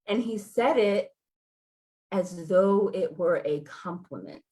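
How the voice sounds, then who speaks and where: A featured speaker from Los Angeles, California, a woman in her forties, tells a personal story to a gathering. Her lowish voice has a Valley girl sound, and she takes her time, staying conversational and animated with laughs and acted-out quotes.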